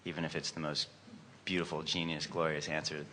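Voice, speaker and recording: A man's voice: rumbling low, level tone, brisk, bright, forceful tone. A man speaking casually and enthusiastically, agreeing with and adding to a conversation. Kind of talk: conversational questions and comments. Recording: long hall reverb.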